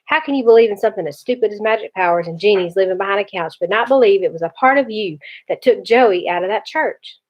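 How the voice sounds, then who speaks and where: A woman reading aloud, voicing a gruff older teenage brother who is blunt but protective. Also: mid-range voice, fast talker, close to an everyday voice. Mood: scolding. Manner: blunt, scolding. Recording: dull lo-fi recording.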